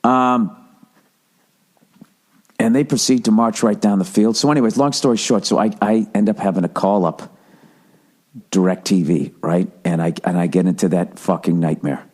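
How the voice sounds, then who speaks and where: A man's voice: fairly low pitch, steady tone, moderate pace, pauses often, a little mellow. A man in his forties hosting a podcast, telling a long exasperated story in a casual, profane monologue. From Massachusetts. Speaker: podcast host.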